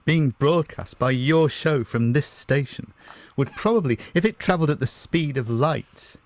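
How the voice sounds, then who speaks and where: A middle-aged English man, a guest on a breakfast radio show, telling anecdotes in a lively, chuckling way. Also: a little high, moderate pace, no echo. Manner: lively storyteller, chuckling often.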